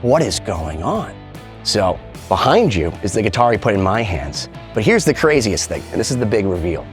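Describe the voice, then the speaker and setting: A man's voice: on the low side, big pitch swings, brisk. A guitar collector telling a story with enthusiasm as he builds to a reveal.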